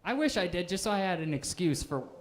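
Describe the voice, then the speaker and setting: A man in his twenties doing a stand-up set, with an offhand, deadpan delivery full of "um"s. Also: high-pitched, quick pace. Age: 20s. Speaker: stand-up comedian. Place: live comedy stage.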